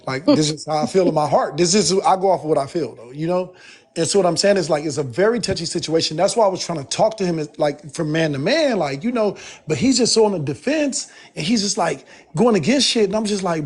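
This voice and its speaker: A man's voice: on the high side, expressive, quick pace, breathy edge. A man, a guest on a live stream, ranting in a profane, emphatic and rambling way after he has been drinking. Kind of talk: heated casual rant.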